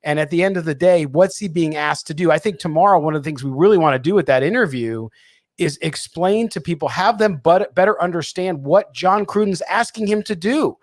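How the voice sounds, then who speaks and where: A man's voice: fairly high pitch, brisk, no echo. Dry-miked man co-hosting sports radio. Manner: reads listener comments and answers them. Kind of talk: casual sports radio chat.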